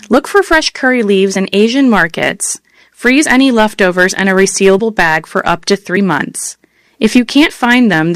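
A woman reads recipe ingredients and steps in a measured, list-like way. She speaks very slowly and evenly, pausing after each item. The recording is dry and close, with no room sound. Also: medium pitch, no room sound. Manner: measured, list-like, even delivery. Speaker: recipe reader. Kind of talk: slow scripted recipe reading.

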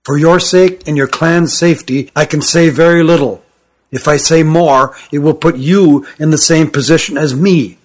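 A man's voice: on the high side, normal speed, close to an everyday voice. A man voicing an urgent, frightened young fugitive. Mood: secretive pleading. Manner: urgent, hushed, pleading. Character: sturdy young male creature, frightened, urgent and secretive. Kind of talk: audiobook character voice.

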